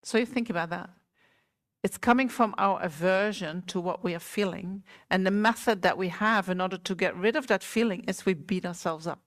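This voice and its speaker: A woman teacher giving a Buddhist talk to a small group, gentle and unhurried, often asking her listeners questions. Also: mid-range voice. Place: meditation center hall.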